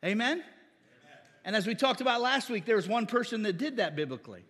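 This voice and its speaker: A man's voice: sits high, lively intonation, fast talker, a bit bright, slightly rough, big-room sound. A man preaching as pastor, often calling for an amen from the congregation. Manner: call-and-response asking amen. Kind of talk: sermon.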